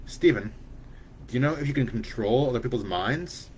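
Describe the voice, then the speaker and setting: A man voicing a calm, practical adult superheroine who speaks in a matter-of-fact way. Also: mid-range voice, normal speed, slight background noise, lightly acted, rough recording.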